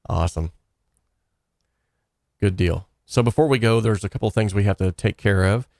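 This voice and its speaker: A man with a low, gravelly voice hosts a relaxed livestream. He talks earnestly and encouragingly, wandering through his thoughts with plenty of "uh"s, and the sound is close and dry. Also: a little slow, long pauses, dry recording. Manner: earnest, encouraging, loosely rambling with fillers. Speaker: livestream host of a song contest. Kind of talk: casual livestream chat.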